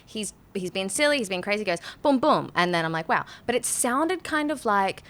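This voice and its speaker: A woman hosting a podcast, telling a spooky anecdote in a lively, laugh-filled way. She acts out her own reactions and keeps the story moving. Her voice sits at an ordinary pitch for a woman. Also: normal speed. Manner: animated storytelling with frequent laughs. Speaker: podcast host. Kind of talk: casual chat.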